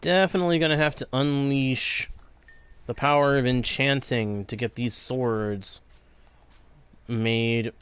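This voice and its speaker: A man's voice: medium pitch, steady tone, slow, fairly bright tone, smooth. A man hosting a video game let's play, talking with a theatrical, playful and grumbling manner. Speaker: host.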